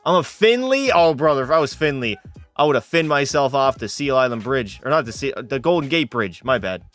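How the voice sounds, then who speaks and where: A man's voice: medium pitch, a little fast, fairly bright tone, soft background music. A young man streaming a hockey game, chatting with his viewers and getting worked up over the play. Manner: casual, swearing, frustrated outbursts. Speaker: gaming streamer. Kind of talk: live game commentary with chat.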